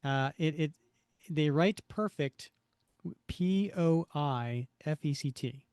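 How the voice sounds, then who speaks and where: A man's voice: on the high side, slow pace, darkish tone, smooth, no echo. A man in his fifties co-hosting a podcast, chatting casually and reading comic panels aloud, rambling and correcting himself. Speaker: podcast co-host.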